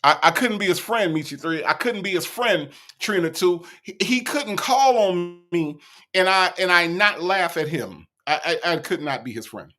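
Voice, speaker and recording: A man's voice: sits high, animated, normal speed, pushed and bright. A man hosting an online show, reacting to a clip with teasing, incredulous commentary and reading out viewer comments. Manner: incredulous, teasing, reading chat names aloud. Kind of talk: casual commentary.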